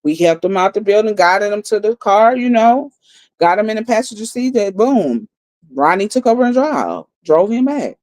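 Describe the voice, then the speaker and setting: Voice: medium pitch, very animated, moderate pace, a little mellow, no room sound. A livestream host giving a blunt, profane story recap and repeating lines for emphasis.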